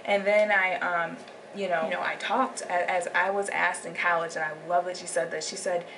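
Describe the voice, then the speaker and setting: Young woman, casual vlog delivery, animated with whispered asides, slight vocal fry. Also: on the low side, normal speed. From United States. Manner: animated, drops into whispered asides and acted quotes. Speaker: vlogger. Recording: distant mic with faint background noise.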